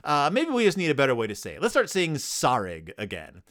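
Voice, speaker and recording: Animated man riffing on a kids' book. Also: on the high side, brisk. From United States. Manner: playful, jokey, animated retelling. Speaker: podcast host. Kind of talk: casual commentary on a children's book.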